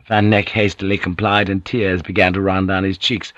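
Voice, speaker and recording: Low-voiced man narrating an audiobook. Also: level tone, moderate pace, hardly any pauses, fairly bright tone, no echo. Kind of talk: scripted narration.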